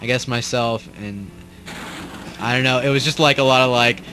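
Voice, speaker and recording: A young man talks through a commentary track in a relaxed, meandering way. His voice sits in an ordinary middle pitch. He swears casually and trails off often. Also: moderate pace, noisy background. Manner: rambling, loose, swears casually. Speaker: cast member doing commentary.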